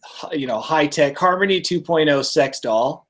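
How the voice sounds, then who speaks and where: Guy cracking jokes on a comedy podcast, kinda high voice, laughs a lot. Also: normal speed, a bit bright. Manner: joking, laughs at his own bits. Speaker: podcast co-host presenting stories. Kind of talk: casual comedic chat.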